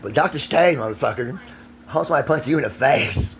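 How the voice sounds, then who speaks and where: A man's voice: medium pitch, a little fast, slight background noise. A man, ranting in a profane, agitated and rambling vlog monologue recorded outdoors. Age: 40s.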